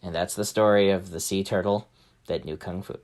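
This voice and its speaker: Low-voiced woman telling a kids' story. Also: steady tone, normal speed, a little mellow. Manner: playful, giggly, with big sound effects. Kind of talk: animated children's story narration.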